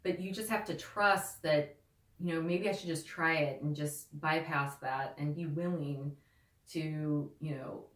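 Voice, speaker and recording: A woman's voice: low-pitched, fairly even intonation, measured pace. A woman guest who talks about holistic healing in a loose, casual way, filling her speech with "like" and "you know.". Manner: rambling, heavy with "like" and "you know". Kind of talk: casual conversational interview talk. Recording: echoey room.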